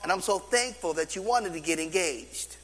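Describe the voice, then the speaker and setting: A man's voice: sits high, moderate pace, long reverb tail. A man preaching a sermon to his congregation, acting out voices in the stories he tells. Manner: animated preaching, acts out quoted dialogue. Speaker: pastor. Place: church sanctuary. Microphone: stage microphone on stand.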